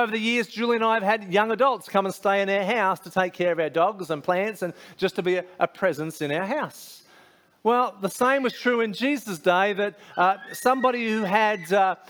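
A man's voice: sits high, fairly bright tone. A man preaching a sermon as a pastor, conversational, with frequent fillers and restarts.

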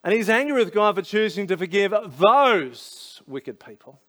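High-voiced Australian preacher. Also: male voice, sing-song, normal speed, a bit bright. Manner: conversational, storytelling, many asides. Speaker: pastor. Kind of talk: sermon.

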